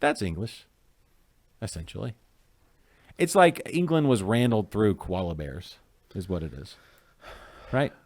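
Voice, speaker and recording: A man's voice: fairly low pitch, sing-song, a little slow, pauses often, a little mellow, no echo. A man co-hosting a casual chat show, rambling through jokey ideas and trailing off into mumbles. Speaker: podcast co-host.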